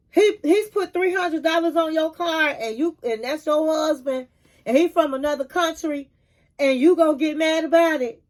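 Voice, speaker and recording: A woman hosting her own channel, recapping a reality show in a sassy, chatty way and calling listeners honey. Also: very high-pitched. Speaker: commentary channel host.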